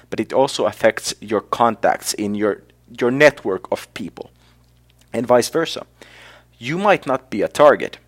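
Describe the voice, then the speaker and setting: A man giving a solo talk to camera, thinking aloud with fillers and restarts as he reflects. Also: medium pitch. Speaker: blogger.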